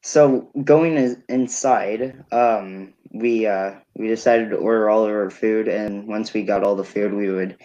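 A man's voice: on the low side, mellow, highs cut off. Young man telling a rambling story. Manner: rambling storytelling, laughing often. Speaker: podcast co-host. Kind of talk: casual chat.

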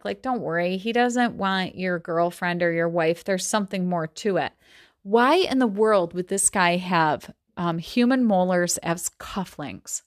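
A woman's voice: mid-range voice, no echo, clean studio sound. A woman in her thirties reads a novel aloud and stops often to comment on it in a casual, chatty way, with plenty of ums and likes. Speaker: book study podcaster.

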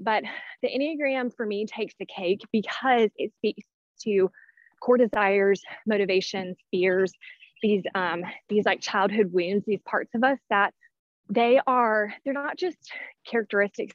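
A woman's voice: mid-range voice, normal speed, no echo. A woman in her thirties, out of breath, chatting casually as a podcast guest with lots of fillers and restarts. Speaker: guest, personality-type teacher. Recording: dull, dry lo-fi sound.

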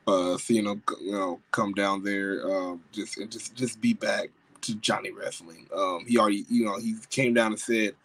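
This wrestling podcast host, a married adult man, talks at a normal speed in a fairly low voice, and the recording is rough. His review chat is loose and excitable, packed with slang, constant fillers and frequent restarts.

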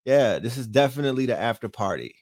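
A man's voice: mid-range voice, sing-song, quick pace, a little mellow, no echo, clean studio sound. A man hosting a late-night livestream, brash and profane, constantly asking his viewers rhetorical questions. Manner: profane, brash trash talk; frequent rhetorical asides to viewers. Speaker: livestream host.

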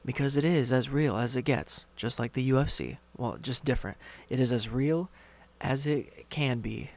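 A man's voice: medium pitch, moderate pace, creaky, a little mellow. A man hosting a solo podcast into a studio microphone, casual, rambling and sarcastic. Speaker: podcast host.

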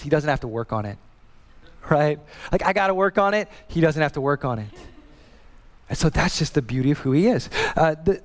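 A man in his thirties preaching a sermon as a pastor, telling a family story in a lively way and often repeating and restarting words. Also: fairly high pitch, in a large hall.

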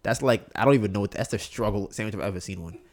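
A man's voice: on the low side, racing. A young man hosting a podcast, telling a casual story in slangy talk and acting out both sides of it. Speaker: podcast host.

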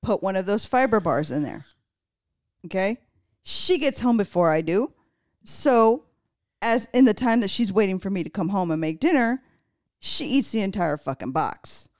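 A woman's voice: medium pitch, expressive, measured pace, long pauses. A woman co-hosting a podcast who talks in a blunt, profane, matter-of-fact way. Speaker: podcast co-host. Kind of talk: casual chat.

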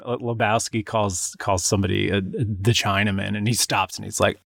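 A man's voice: fairly low pitch, steady tone, brisk, gravelly, fairly bright tone, no echo, studio quality. A man chatting casually as a podcast co-host, rambling with frequent restarts and laughs. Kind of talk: casual chat.

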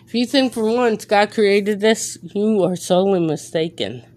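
A woman hosting a faith podcast, out of breath, talking in an earnest, preacherly way with halting pauses and fillers. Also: medium pitch, a little mellow. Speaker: podcast host. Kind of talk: faith podcast monologue with prayer.

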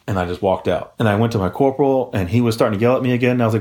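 A man's voice: mid-range voice, very fast. A young man co-hosting a podcast, casually telling a long story with plenty of swearing and quoted voices. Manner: profane, animated retelling with quoted voices. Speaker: podcast co-host.

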